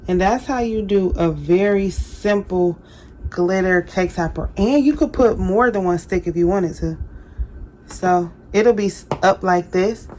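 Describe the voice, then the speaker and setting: A woman's voice: mid-range voice, unhurried, darkish tone, slight background noise. Chatty woman hosting a craft tutorial. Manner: chatty, apologetic, self-deprecating. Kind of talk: casual how-to demonstration.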